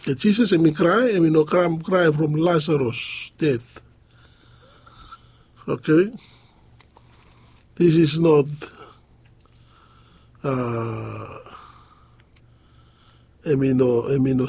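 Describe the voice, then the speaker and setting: A man preaching a sermon, pausing often as he talks. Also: on the high side, a little mellow, slightly rough. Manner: halting, with frequent pauses and fillers.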